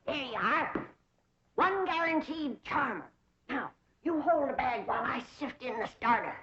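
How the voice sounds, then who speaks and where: A bossy old hillbilly granny. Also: female voice, sits high, expressive, unhurried, fairly bright tone. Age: older. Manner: bossy, folksy. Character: feisty old hillbilly granny, charm maker. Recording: dull old TV sound with noise.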